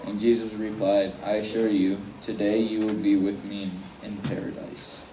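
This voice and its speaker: A man reading a scripture passage aloud to a study group in a low, steady way. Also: normal speed, slight background noise. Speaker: scripture reader. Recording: echoey room from far off, faint ambience.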